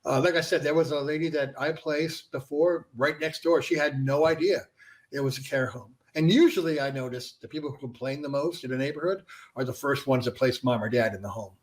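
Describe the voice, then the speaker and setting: Brief: guest founder, a man with a fairly high voice, easygoing talk packed with fillers. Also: brisk. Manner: conversational, filler-heavy with frequent "you know". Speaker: care-home franchise founder, guest. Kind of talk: casual interview explanation.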